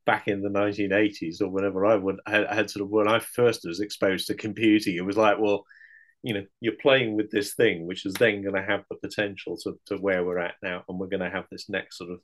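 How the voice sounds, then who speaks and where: A man's voice: lowish voice, flat delivery, fairly quick. A man hosting a conversational interview, chatty and rambling, with many fillers. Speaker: interview host.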